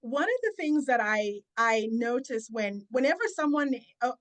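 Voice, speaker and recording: Female speaking coach, podcast guest; slightly high pitch, deliberate, emphatic delivery. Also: a bit bright. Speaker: confidence and public speaking coach. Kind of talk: guest giving advice in a podcast interview.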